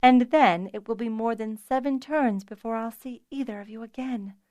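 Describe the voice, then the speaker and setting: A woman reading a calm, frank mother who gives firm advice to younger women. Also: fairly high pitch, moderate pace, no echo, dull audio, pitched above the performer's own voice, close to an everyday voice.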